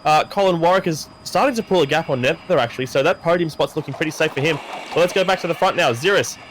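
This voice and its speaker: A man calls a virtual race with a high, excitable voice, tossing in jokes between the action. A faint hiss sits under the recording. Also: fast talker. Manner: excitable, jokey play-by-play. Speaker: race commentator. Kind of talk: sim racing commentary.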